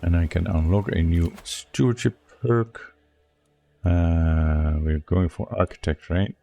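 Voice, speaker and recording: A man's voice: low voice, steady tone, slow, gravelly, warm tone. A man playing a strategy game, reading event text aloud with a storyteller's lilt and muttering asides between events. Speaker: let's play streamer.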